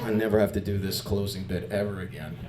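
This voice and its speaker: A man doing stand-up comedy on a club stage, animated and crude, chatting with the crowd. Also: fairly low pitch, quick pace.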